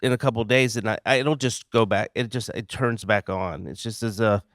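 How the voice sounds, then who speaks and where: A man from North Carolina, a guest comedian, chatting casually in halting bits with many restarts. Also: fairly low pitch, fairly bright tone, no echo, clean studio sound. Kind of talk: casual chat.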